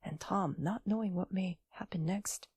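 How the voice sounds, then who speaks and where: A woman narrating a classic story for an audiobook in a gentle, hushed, near-whispered voice, close to the microphone. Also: medium pitch, normal speed, husky, no echo.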